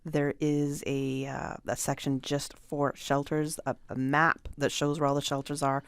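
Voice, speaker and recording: A woman hosting a radio interview show, friendly, brisk and chatty with her guests. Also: deep voice, flat delivery, smooth, no room sound. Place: radio studio.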